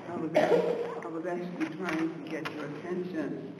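A man sharing reflective thoughts on faith in a church class, speaking deliberately. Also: on the high side, little pitch movement. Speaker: class participant. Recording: distant mic in echoey hall, noisy.

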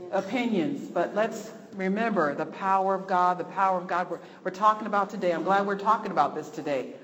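A woman leading a church prayer group, gently steering the talk and repeating her points for emphasis. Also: mid-range voice, long reverb tail.

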